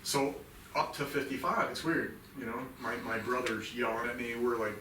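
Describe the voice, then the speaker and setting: A man in his fifties tells a raw personal story in a bright, forceful voice, intense and profane, swinging from low murmurs to loud outbursts. He sits back from the mic, so his voice sounds distant in a roomy, echoing space with a faint hum behind it. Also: normal speed. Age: 50s. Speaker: podcast guest, military veteran.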